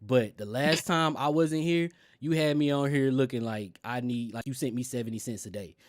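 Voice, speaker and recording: A playful male host leads a casual gaming chat over an online call. He laughs often and cracks jokes at his co-hosts. His voice is mid-pitched and sits dry and close on the mic. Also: normal speed, no room sound. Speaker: podcast host.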